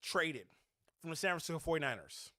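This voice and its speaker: A fired-up man runs his fan podcast with a high, bright voice that cuts through. He talks in a blunt, preachy, heated way. The sound is close and dry, with no room around it. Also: expressive, brisk, dry recording. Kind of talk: opinionated sports rant.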